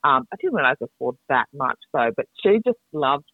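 A woman's voice: rumbling low, big pitch swings, a little fast, no room sound. A middle-aged woman in casual chat, candid and rambling, swearing freely. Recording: dry tinny phone-like sound.

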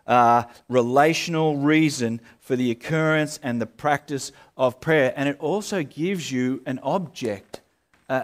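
A male pastor, preaching in a relaxed, conversational way, full of fillers and restarts. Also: on the high side. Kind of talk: sermon.

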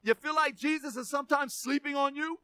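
Male pastor, very high bright voice, emphatic preaching, repeats words, calls for amens. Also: fairly quick, no echo. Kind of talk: sermon.

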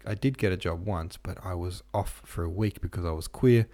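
In this audiobook, a man with a low voice reads a poor, sickly young woman who answers sullenly and pleads through tears. The voice is lifted a little above his own deep reading tone. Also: brisk, dark tone, lightly acted. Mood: sullen, tearful. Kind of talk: audiobook character voice.

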